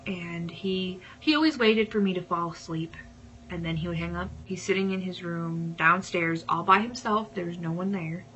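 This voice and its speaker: Casting: bright-voiced woman, dramatic storyteller, slips into whispers, faint noise behind. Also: fairly low pitch, normal speed, highs cut off. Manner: dramatic, dropping into hushed whispers. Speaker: vlogger telling a personal story. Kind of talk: casual storytelling.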